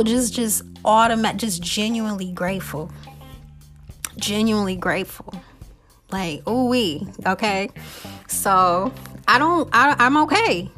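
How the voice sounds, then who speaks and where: A woman's voice: mid-range voice, a bit bright. Woman host, faith-based motivational monologue, earnest and heartfelt, natural middle voice, light music bed. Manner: earnest, keeps checking in with the listener. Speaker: podcast host.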